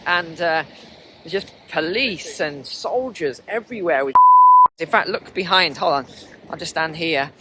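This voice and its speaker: Walking through the snowy city with his camera, a vlogger chats freely to his viewers. His fairly high voice swoops wildly in pitch, his pace is a little slow, and heavy background noise fills the clip.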